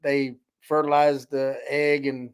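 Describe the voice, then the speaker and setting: A man's voice: medium pitch, little pitch movement, takes it slowly. A man co-hosting a casual podcast chat, mostly giving short, laid-back reactions and asides. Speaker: podcast co-host.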